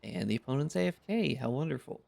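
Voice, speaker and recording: A man's voice: mid-range voice, lively intonation, quick pace, vocal fry, darkish tone. A tired man giving casual, laid-back gameplay commentary, thinking aloud with a wry tone. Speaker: gaming content creator.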